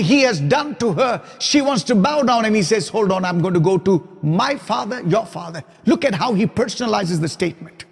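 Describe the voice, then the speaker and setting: A man preaching with a high, bright voice that rings out in a hall with a long reverb. He builds his points through repetition and lowers his voice almost to a whisper for quiet moments. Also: slightly rough. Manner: emphatic preaching, dropping to soft whispers for quoted lines. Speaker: pastor. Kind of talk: sermon.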